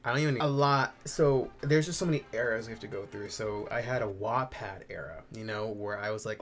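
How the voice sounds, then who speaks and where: A man's voice: medium pitch, animated, normal speed, fairly bright tone, soft background music. A young man chatting casually and animatedly as he reacts to his own old videos, campy and swearing freely.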